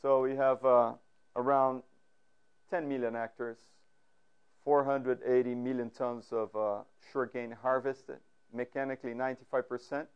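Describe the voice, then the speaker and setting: A man gives a lecture at a mid-range pitch. He talks with frequent fillers and restarts. Now and then he turns to the audience with questions. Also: flat delivery, moderate pace, clear, resonant tone, dull audio. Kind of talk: academic lecture. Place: lecture room.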